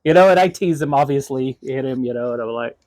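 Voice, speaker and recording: A man's voice: medium pitch, fairly quick, darkish tone, no echo, poor audio. A man talking casually in a counseling session. He rambles, stumbles over his words, restarts sentences and laughs often. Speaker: counseling client and live streamer.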